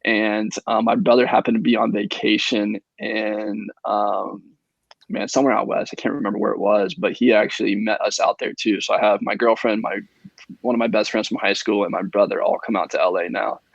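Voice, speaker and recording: A young man from Indiana, a guest on a podcast, telling a long story in a relaxed, rambling way full of ums. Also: fairly low pitch, brisk, vocal fry, no echo, dull audio. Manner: relaxed, filler-heavy storytelling with many ums. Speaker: guest, professional baseball pitcher.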